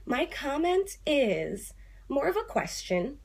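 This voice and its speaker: A young woman talking casually to camera as an activist vlogger, quick and passionate with playful asides. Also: high-pitched. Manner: fast, animated, playful asides. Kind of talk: casual direct-to-camera vlog. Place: home room, on hold on a phone call.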